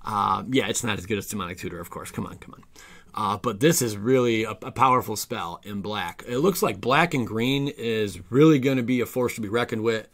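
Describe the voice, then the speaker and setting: With a lowish voice and a fairly quick pace, this card game channel host eagerly goes through freshly spoiled cards. He keeps it casual, reads the text out loud, and stumbles over his words now and then.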